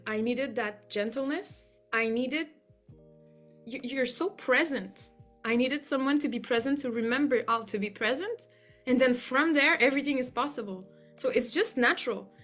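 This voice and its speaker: A woman speaks as a client giving a heartfelt testimonial, earnest and effusive, often reaching for "like" as she talks. Her voice sits fairly high. Quiet music plays faintly behind her. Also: normal speed. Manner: earnest and effusive, many "like" fillers.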